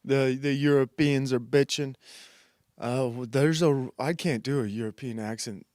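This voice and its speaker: A man's voice: mid-range voice, fairly even intonation, a little slow, darkish tone, no echo, studio quality. A man hosting a comedy commentary show, ranting in a crude, sarcastic and rambling way, laughing and putting on mock voices. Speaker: host.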